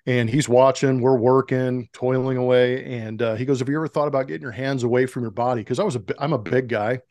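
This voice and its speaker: A man's voice: medium pitch, fast talker, no echo. A middle-aged man telling stories as an interview guest, acting out the voices in the dialogue he recounts. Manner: animated storyteller who acts out quoted dialogue. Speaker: interview guest, former pro baseball player. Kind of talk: storytelling in a podcast interview.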